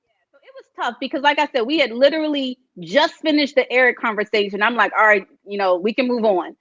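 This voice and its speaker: Reality-show contestant, woman, lively storyteller who slips into quoted voices; close dry mic with a dull lo-fi tone. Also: a little high, fast, no echo. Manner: animated storyteller, acts out quotes of others. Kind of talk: casual interview chat.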